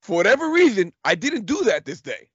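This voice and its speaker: A fairly high-voiced man in his thirties tells a story in a loose, animated way, swearing and laughing as he acts out the quotes. The sound is dull and lo-fi, with a dry, close feel. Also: fairly quick, breathy edge, dry recording. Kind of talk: casual storytelling chat.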